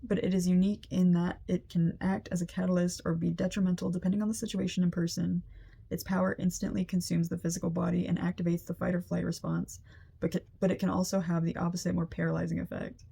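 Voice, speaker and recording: A woman's voice: fairly low pitch, little pitch movement, fast, gravelly, mellow, husky. A young woman giving a casual, empathetic energy reading, chatty and full of "like" fillers. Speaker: energy reader. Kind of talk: casual spiritual reading to camera.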